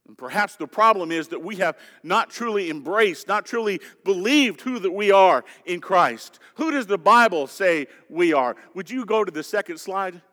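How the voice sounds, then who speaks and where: High-voiced pastor preaching in a reverberant hall. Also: male voice, animated, normal speed, hardly any pauses, sharp tone. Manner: emphatic preaching with scripture quotes and direct questions to the congregation. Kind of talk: sermon. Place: church sanctuary.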